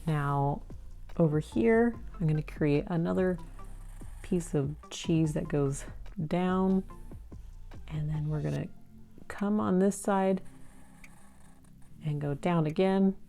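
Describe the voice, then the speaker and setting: A woman art teacher walks children through a drawing one slow step at a time, her voice low and gravelly. She keeps a gentle, patient manner, and soft music plays faintly behind her.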